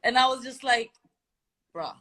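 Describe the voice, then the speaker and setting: A woman's voice: mid-range voice, moderate pace, bright, forceful tone. A woman from Phoenix in the United States, telling a story in a casual chat, laid-back and slangy, quoting what others said. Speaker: guest fighter.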